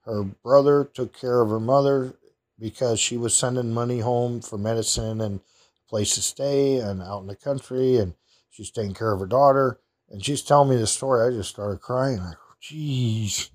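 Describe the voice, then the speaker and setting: A man's voice: medium pitch, normal speed. A man telling a personal story in a rambling, heartfelt, casual way.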